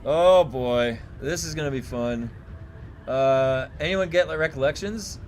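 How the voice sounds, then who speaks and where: A man streaming a game live, thinking aloud and reacting excitedly, swearing when things break. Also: mid-range voice, unhurried, a little hiss or hum. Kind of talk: live gameplay streaming commentary.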